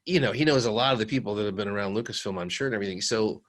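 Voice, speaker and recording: A man's voice: on the low side, rapid-fire. A man co-hosting a fan podcast in casual chat, rambling with fillers and restarts and laughing often. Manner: laughs often while talking. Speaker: podcast co-host.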